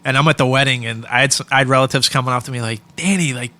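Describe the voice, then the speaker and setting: A man's voice: mid-range voice, flat delivery, rapid-fire, pushed and bright, slight background noise. A man in his thirties from Pittsburgh, a podcast guest telling stories in an easygoing, filler-heavy way. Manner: easygoing storytelling with many fillers. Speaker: podcast guest, hockey equipment staff. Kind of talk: casual podcast interview.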